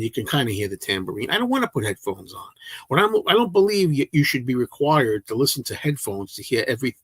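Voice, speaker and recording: A man's voice: medium pitch, a bit bright, slightly rough, no room sound. A man hosting a casual livestream, answering viewer comments in a rambling, chatty way that often restarts mid-sentence. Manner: rambling, self-interrupting, chatty.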